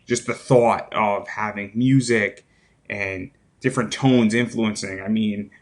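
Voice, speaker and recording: Lower-voiced man hosting a casual interview. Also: fairly even intonation, a little slow. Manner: rambling, thinks aloud with restarts. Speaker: podcast host.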